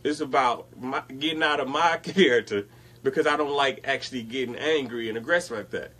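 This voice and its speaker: A man's voice: medium pitch, a little fast. A young man casually telling a story on a talk show and acting out what other people said. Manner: animated retelling, acts out others' lines. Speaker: podcast co-host.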